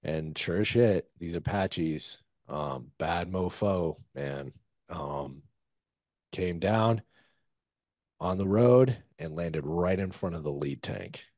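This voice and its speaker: A man's voice: low voice, slow, a little mellow, no room sound, studio quality. A man, a former soldier, telling a war story casually in an interview, loose and profane with lots of fillers. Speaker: guest, former Army Ranger.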